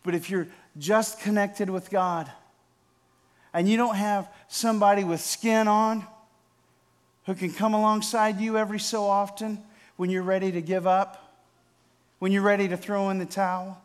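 Male pastor with a high voice, preaching, talks to the congregation by name, quiet passages that build loud. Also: little pitch movement. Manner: swings from hushed, slow repetition to loud emphatic build-ups; addresses congregation members by name. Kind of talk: sermon.

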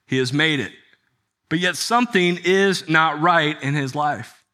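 Man, pastor, sermon, conversational preaching, rhetorical questions, bright forceful voice. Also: on the high side, unhurried. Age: adult with children.

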